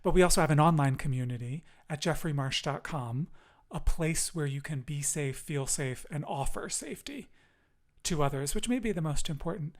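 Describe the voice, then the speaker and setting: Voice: mid-range voice, animated, normal speed. A podcast host speaking in an affirming, encouraging and emotive way during a casual chat.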